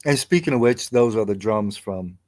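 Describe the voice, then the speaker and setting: A man's voice: on the low side, normal speed, darkish tone. A man co-hosting a podcast in casual chat, talking in a laid-back, slangy way. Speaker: podcast co-host.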